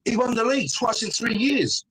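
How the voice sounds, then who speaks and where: A man's voice: very high voice, expressive, normal speed, fairly bright tone, a little hiss or hum. A middle-aged man, a guest on a fan panel, arguing emphatically in casual chat, forever tossing in "mate" and "right?". He is joining over a phone call.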